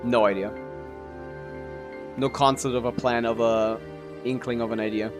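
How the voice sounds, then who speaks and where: A man's voice: mid-range voice, little pitch movement, moderate pace, music in the background. A male streamer chatting casually while playing and guessing, mumbling, correcting himself, and swearing now and then. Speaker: game streamer.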